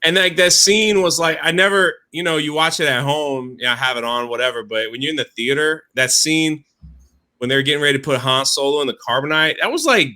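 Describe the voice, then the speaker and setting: A man co-hosting a casual live-stream chat, excitable and rambling, full of "like" and "freaking". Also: a little high, fairly quick. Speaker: podcast co-host.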